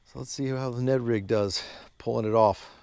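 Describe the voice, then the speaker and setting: A man giving excited fishing commentary from a boat on a mountain lake, exclaiming often and calling out to viewers as guys. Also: medium pitch, normal speed, vocal fry, smooth, dry recording. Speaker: fishing vlogger.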